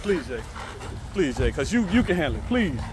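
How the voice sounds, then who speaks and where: A man's voice: fairly high pitch, sing-song, moderate pace, crowd noise. A man, a kennel owner giving his dogs short commands in a casual outdoor vlog. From Arkansas, US. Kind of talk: casual dog-training vlog.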